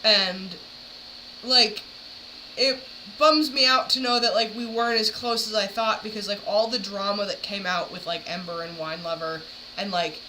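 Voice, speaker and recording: Woman, casual chat, rambling, lots of filler words, middle pitch, noisy recording. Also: steady tone, moderate pace. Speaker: streamer reacting to videos.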